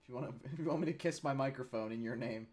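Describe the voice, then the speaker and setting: A man's voice: mid-range voice, rapid-fire, darkish tone. A young man from Chicago co-hosting a live stream, teasing the chat in a casual, joking way. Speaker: stream co-host.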